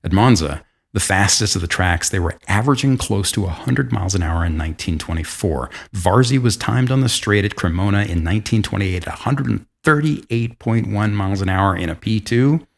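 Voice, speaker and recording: A man with a low, deep voice hosts a podcast and tells a history story in his own casual way. He talks in a chatty, self-deprecating style, full of asides and quick restarts. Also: animated, creaky. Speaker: podcast host.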